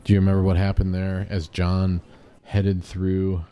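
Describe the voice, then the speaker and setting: A man co-hosting a podcast, chatting casually and recapping a TV show in a jokey, rapid-fire way. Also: sits low, monotone, mellow, a little hiss or hum. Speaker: podcast co-host.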